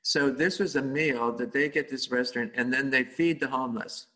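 A man telling a casual story about volunteer cooking, halting and full of fillers and self-corrections. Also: medium pitch, sharp tone, rough recording. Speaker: volunteer cook.

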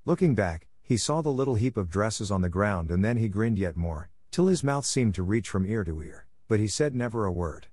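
A man reading a children's classic aloud in a steady, measured way. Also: on the low side, dry recording. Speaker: audiobook narrator. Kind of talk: scripted storybook narration.

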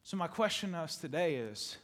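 A male pastor preaching a sermon to his congregation, animated, repeating phrases for emphasis and laughing often. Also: fairly high pitch, fairly quick. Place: church sanctuary with congregation.

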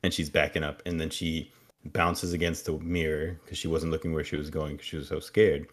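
Male co-host, very low voice, relaxed wry recap. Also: brisk. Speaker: podcast co-host. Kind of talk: casual episode recap.

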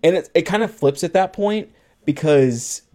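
A podcast co-host with a fairly high, mellow, expressive voice retells a film's plot at length at a moderate pace. In this casual movie recap chat, he acts out bits of the dialogue.

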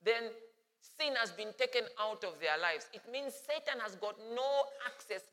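A man preaching a sermon as pastor, animated and playful. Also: very high voice, moderate pace, big-room sound.

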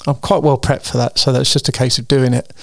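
A man's voice: mid-range voice, flat delivery, brisk, gravelly, dry recording, studio quality. A tired man hosting his weekly solo show, chatting in a meandering way with frequent ums and restarts. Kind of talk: casual rambling monologue.

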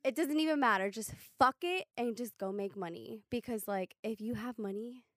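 A woman's voice: a little high, moderate pace, dry recording, studio quality. A young woman co-hosting a podcast, talking bluntly and emphatically, with heavy swearing, as she gives advice. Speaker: podcast co-host. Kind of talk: casual chat, giving advice.

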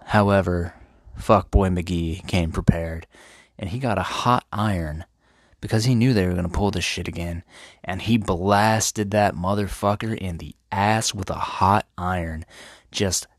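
Low-voiced, profane man retelling a classic. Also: measured pace, dry recording, studio quality. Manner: profane, irreverent, laid-back. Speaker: host. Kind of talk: comedic book retelling.

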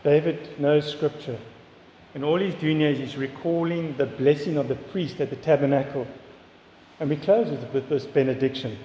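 A man's voice: on the high side, normal speed, warm tone, slight background noise. A man preaching a sermon in an earnest way, often repeating words and asking questions. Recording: echoey hall with long reverb, faint ambience.

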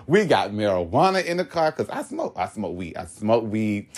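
A young man from Florida telling a story in casual chat, animated and laughing as he goes. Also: normal speed. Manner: animated and laughing, swoops high when excited. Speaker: guest telling his story.

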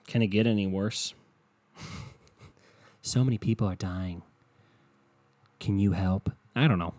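A man's voice: low-pitched, measured pace, darkish tone, dry recording. A man hosting a solo podcast, ranting in a scatterbrained, profane way from a hot indoor room. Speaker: podcast host.

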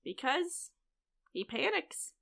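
A woman's voice: sits high, sing-song, slow, vocal fry, sharp tone. A woman co-hosting a casual TV recap podcast, swearing freely and laughing often. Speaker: podcast co-host.

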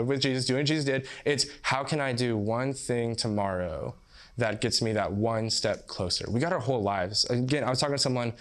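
A man's voice: mid-range voice, a bit bright. A young man preaching a sermon in a casual, rambling way, full of "like" and "you know what I mean" asides, often breaking into laughter. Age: young adult. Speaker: pastor.

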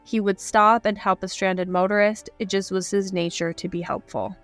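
A woman co-hosting a true crime podcast, reading case details in a sombre, even way. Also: medium pitch, normal speed, soft background music. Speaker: podcast co-host.

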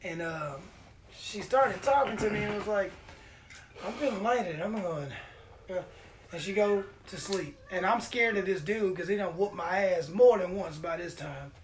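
A high-voiced man hosts a casual podcast. He tells his story in an animated, profane way and acts out the lines of the people in it. A faint hiss sits under his voice. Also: normal speed. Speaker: podcast host.

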